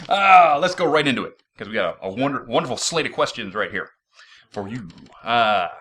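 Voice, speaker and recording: A man's voice: lowish voice, lively intonation, brisk, bright, forceful tone, breathy edge. A man hosting a casual podcast interview, upbeat and joking, full of enthusiasm. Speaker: host. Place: San Jose, California.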